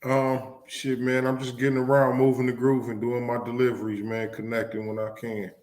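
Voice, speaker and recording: A man's voice: medium pitch, monotone, moderate pace, a little mellow. A man co-hosting a community radio show, answering in short, laid-back replies.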